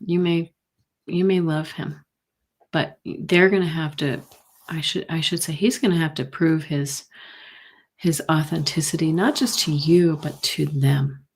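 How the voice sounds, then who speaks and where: A middle-aged woman hosting a live tarot reading stream, talking gently and sympathetically with many pauses and fillers. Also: sits low, fairly even intonation, breathy edge. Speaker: intuitive reader, host.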